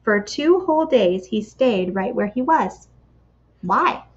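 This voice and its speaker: Expressive woman reading a children's story. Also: fairly high pitch. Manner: expressive, measured storytelling with dramatic pauses. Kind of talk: reading a picture book aloud to children. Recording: slightly dull lo-fi recording.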